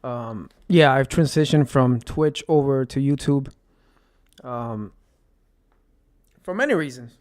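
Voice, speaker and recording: A man's voice: medium pitch, takes it slowly, long pauses, darkish tone, no room sound, clean studio sound. A man, a streamer, talking in a rambling, agitated monologue, cursing often and repeating himself with lots of fillers. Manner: rambling, profane, with frequent fillers and repeated phrases.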